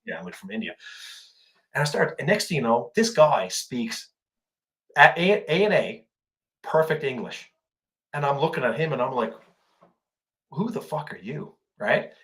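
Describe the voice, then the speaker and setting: A man's voice: medium pitch, sing-song, moderate pace, pauses often, fairly bright tone. A man from Canada co-hosting a veterans' podcast, telling a story from his deployment. He rambles, repeats himself and restarts his sentences, with plenty of fillers along the way. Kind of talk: casual storytelling chat.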